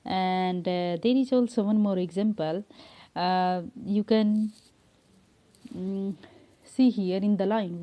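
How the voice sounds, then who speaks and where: A woman with an Indian English accent, a lecturer, explaining literary terms to a class in an unhurried way with frequent fillers. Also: medium pitch, steady tone, muffled recording.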